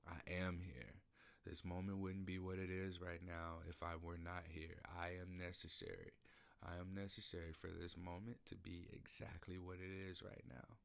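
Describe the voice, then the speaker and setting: A man's voice: sits low, little pitch movement, normal speed, gravelly, a bit bright. A man hosting a podcast, speaking an emotional, searching personal monologue in a studio, often repeating himself. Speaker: podcast host. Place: recording studio.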